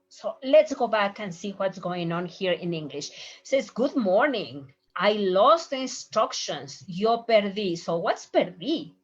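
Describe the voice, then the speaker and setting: Slow, lively woman teaching Spanish. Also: medium pitch, breathy edge. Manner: slow, explains and repeats phrases in both languages. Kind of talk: slide-based language lesson. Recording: muffled lo-fi recording.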